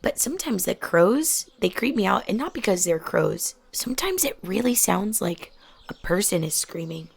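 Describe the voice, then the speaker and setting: A young adult woman chatting softly while she plays a game, often dropping to a near whisper. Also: medium pitch, very animated, moderate pace, gravelly, breathy edge. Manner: soft-spoken, often drops to a near whisper. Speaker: gaming channel host. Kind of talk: relaxed chat while playing a game.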